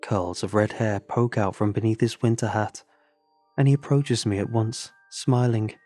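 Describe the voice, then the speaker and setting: A man narrating a horror story in a steady, measured storytelling voice. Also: lowish voice, faint music behind.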